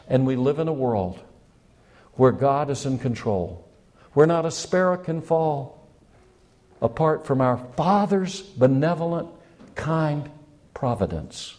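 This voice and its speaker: A man's voice: a little high, expressive, measured pace, a little mellow. A man preaching a sermon as pastor, building up with rising questions and impassioned appeals.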